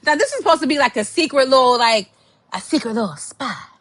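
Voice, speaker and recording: A woman hosting a podcast, telling a dating story in a sassy, animated way and acting out what people said. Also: sits high, fast, no echo. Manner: animated, sassy, acts out quotes. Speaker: podcast host. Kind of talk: casual storytelling monologue.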